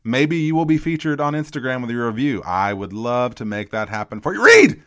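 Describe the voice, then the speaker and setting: A man's voice: medium pitch, brisk, no echo, clean studio sound. A man co-hosting a podcast in casual chat, with playful, self-deprecating banter. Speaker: podcast co-host.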